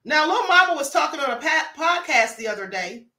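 High bright-voiced woman hosting a livestream. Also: sing-song, fairly quick, echoey room. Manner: chatty, greets viewers by name, asks for likes. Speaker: livestream host. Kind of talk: casual livestream commentary.

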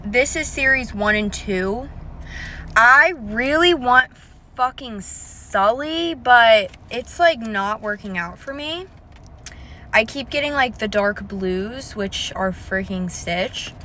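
A young woman chatting casually to her phone camera in a vlog, excitable and swearing freely. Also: on the high side, slow, a little hiss or hum. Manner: excitable, swears a lot, squeals and shrieks. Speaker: vlogger.

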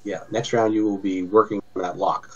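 A man with a fairly low voice runs a tabletop game as its game master. He narrates in an easygoing way and works out the rules out loud as he goes. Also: little pitch movement, fairly quick, lo-fi sound, over a noisy crowd. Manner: easygoing, thinks aloud while narrating.

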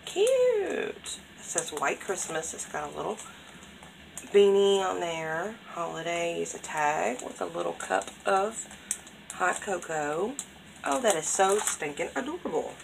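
A woman talks slowly in a low, gravelly voice, gushing over each craft item she unwraps. Crinkling packaging and clicks sound clearly behind her. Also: noisy background. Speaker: craft vlogger opening mail. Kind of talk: casual unboxing chat.

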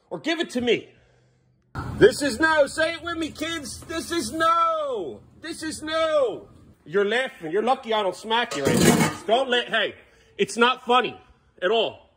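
A man in a casual vlog, scolding in an exasperated way and repeating the same stern words over and over. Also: fairly high pitch. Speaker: vlogger.

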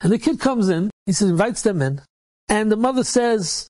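A man's voice: high voice, animated, normal speed, darkish tone. A man, a rabbi, telling a story in a casual, repetitive way, peppered with Yiddish and Hebrew words.

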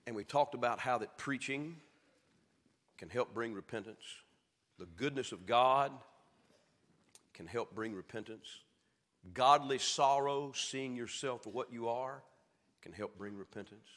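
A man with a Southern American accent preaching a sermon as pastor, swinging from shouted peaks down to low, quiet lines. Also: measured pace, long pauses. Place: church sanctuary. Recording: echoey church hall.

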